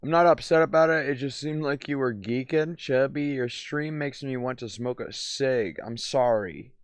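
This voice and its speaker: A man's voice: mid-range voice, moderate pace, no echo, studio quality. A young man streaming, chatting casually in a mumbling, apologetic way and swearing often.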